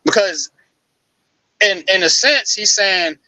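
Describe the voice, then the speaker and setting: A man breaking down football news on a live sports talk show, casual and animated, with frequent restarts. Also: a little high, unhurried, dry recording, low-quality recording.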